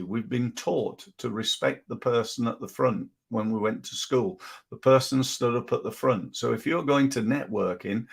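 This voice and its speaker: A middle-aged man coaches a business audience over a live stream, telling anecdotes in a loose, chatty way. His voice is gravelly, with a husky edge, and sits at an ordinary pitch. He drifts into asides and fillers as he talks. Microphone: streaming setup.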